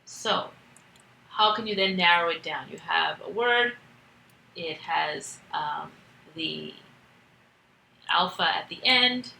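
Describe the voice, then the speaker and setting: A woman's voice: on the low side, slow pace, creaky, long pauses, bright, forceful tone, reverberant, a little hiss or hum, low-quality recording. A woman teaching a recorded grammar lesson, explaining step by step with patience and the odd filler. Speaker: Greek teacher.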